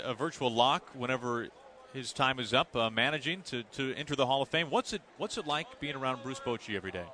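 A baseball broadcaster with a dry, teasing humor, bantering in the booth. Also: male voice, mid-range voice, pushed and bright, slight background noise.

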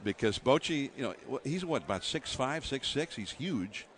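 A man calling baseball play-by-play as a guest in the booth, halting and full of restarts. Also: medium pitch, expressive, a little hiss or hum. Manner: halting, many restarts and fillers. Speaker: guest broadcaster.

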